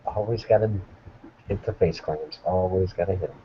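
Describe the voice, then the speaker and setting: A man's voice: deep voice, normal speed, muffled recording, a little hiss or hum. A man chatting easily as a player in a tabletop role-play, with a drawl.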